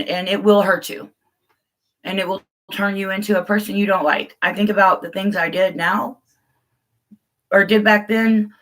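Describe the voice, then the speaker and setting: A woman's voice: mid-range voice, bright, forceful tone, low-quality recording. A middle-aged woman hosting a casual live chat, talking openly and loosely to her viewers and calling them guys. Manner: open, rambling, addresses viewers as guys. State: tearful at times. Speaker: livestream host.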